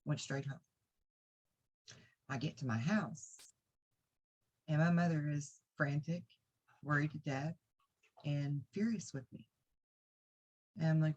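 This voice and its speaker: A woman's voice: low voice, darkish tone. Woman telling a story, dull lo-fi sound. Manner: earnest, rambling retelling with many fillers. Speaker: psychic reader and video diarist. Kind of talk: personal storytelling to camera.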